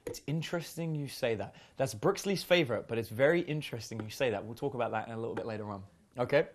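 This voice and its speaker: A man's voice: medium pitch, fast. A man giving a casual dating seminar, chatty and full of fillers. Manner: chatty, uses many fillers and acted quotes. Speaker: dating coach.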